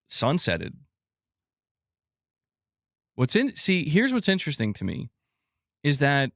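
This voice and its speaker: With a mid-range voice, a man who hosts a podcast runs a gaming news live stream, chatting casually with animation, addressing the chat, and reading comments aloud. The studio-quality audio has no echo.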